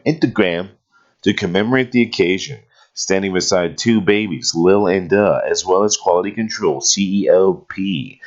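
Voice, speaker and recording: Deep-voiced sarcastic male host, lo-fi. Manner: sarcastic, mocks what he reads aloud. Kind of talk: casual comedic commentary. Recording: dull lo-fi audio.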